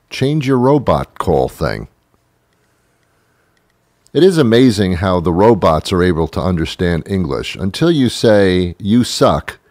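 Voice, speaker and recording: Low-voiced sarcastic man ranting. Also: a little mellow, no echo, clean studio sound. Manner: exasperated, sarcastic, mimics voices. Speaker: comedy show host. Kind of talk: comic rant monologue.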